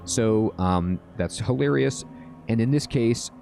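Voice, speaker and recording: A man giving casual gameplay tutorial commentary as a game guide host, relaxed and checking in often with "all right?". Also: mid-range voice, slow, creaky, faint music behind.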